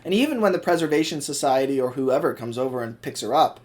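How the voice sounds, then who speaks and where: Brief: man co-host, lively swinging pitch, playful storyteller in casual chat. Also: fast. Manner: animated, acts out scenes. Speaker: podcast co-host.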